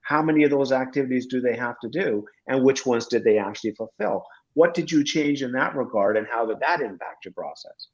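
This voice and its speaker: A man's voice: mid-range voice, a little fast, few pauses, slightly rough. A man on a casual panel discussion, methodically laying out his points step by step. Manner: methodical, lays out steps point by point. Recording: dull lo-fi audio.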